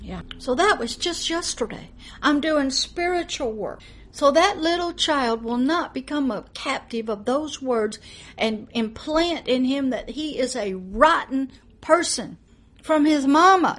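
A woman pastor preaching a monologue, emphatic, moving between loud declarations and hushed asides. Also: high-pitched, expressive, unhurried.

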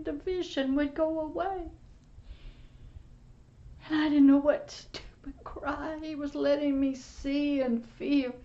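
A woman pastor giving an emotional spiritual testimony, often dropping to a soft whisper. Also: high voice. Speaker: pastor and teacher. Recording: muffled lo-fi recording.

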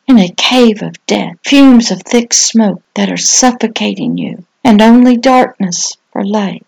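A woman pastor giving a scripted inspirational reading, speaking in slow, solemn declarations with lots of repetition. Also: a little high, vocal fry, a little mellow, breathy edge, poor audio.

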